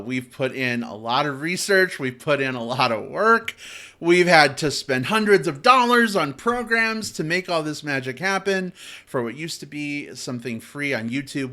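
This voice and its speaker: A man hosting a film podcast, opening the show and chatting playfully with his co-hosts. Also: mid-range voice. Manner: animated, playful. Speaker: podcast host. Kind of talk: casual chat.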